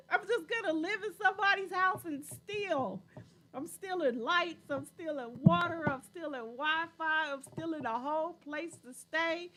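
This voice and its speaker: A woman's voice: very high voice, animated, unhurried, fairly bright tone. A woman hosting a casual livestream chat, playful and teasing, laughing often as she reads viewer comments.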